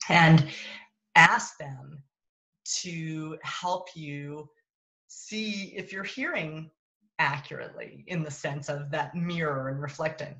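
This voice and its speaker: Low-voiced woman coaching parents. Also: takes it slowly, fairly bright tone, highs cut off. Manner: conversational, thinks aloud and corrects herself. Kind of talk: casual teaching talk on a live stream. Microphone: phone.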